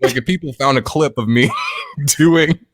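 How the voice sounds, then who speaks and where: A man's voice: medium pitch, normal speed, a bit bright. A man co-hosting a podcast in casual chat, laughing often and restarting sentences full of fillers. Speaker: podcast co-host.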